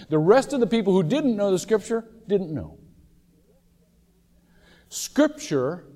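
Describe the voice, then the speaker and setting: A man from Ohio preaching a sermon in a casual, storytelling way, with occasional loud shouted impressions. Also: high-pitched. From Ohio, USA. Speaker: pastor. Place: large church sanctuary. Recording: church hall reverb.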